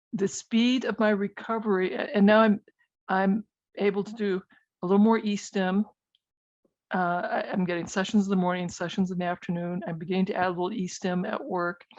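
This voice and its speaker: A woman's voice: medium pitch, a little mellow, dry recording, highs cut off. A middle-aged woman, a physician and guest in a conversational interview, talking hesitantly with many fillers and restarts.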